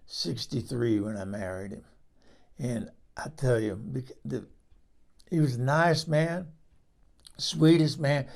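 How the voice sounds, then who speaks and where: A man playing Eunice, a gravelly 78-year-old gossip. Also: mid-range voice, mellow. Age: 78 (figure). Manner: folksy, salty, rambling storyteller with many restarts. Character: rambling 78-year-old woman recalling her husbands. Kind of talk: comedic character monologue.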